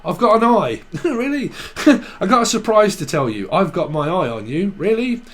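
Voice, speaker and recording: A man's voice: high voice, big pitch swings, moderate pace, fairly bright tone. A man with a Cockney accent giving a rambling tarot reading, riffing through names and word associations in a playful, swearing way. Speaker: tarot reader.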